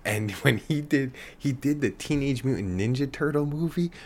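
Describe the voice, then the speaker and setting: A man's voice: mid-range voice, animated, normal speed. A man around forty rants on a podcast, swearing and rambling with many fillers. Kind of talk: profane podcast rant.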